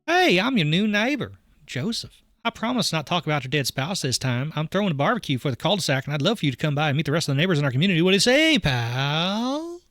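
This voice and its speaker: A man's voice: fairly high pitch, big pitch swings, fast talker, dry recording, clean studio sound, pitched above the performer's own voice. A man voicing a cheery, clean-cut, overly friendly neighbor dad in a dating game. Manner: bright, overly friendly, Southern-tinged.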